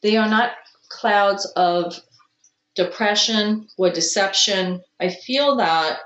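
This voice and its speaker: A woman gives a slow, unhurried tarot reading, musing aloud and gushing softly over each card. Her throat is a little rough from allergies. The sound is dull and roomy, with a faint hiss behind her. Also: mid-range voice. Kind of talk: casual tarot reading to camera.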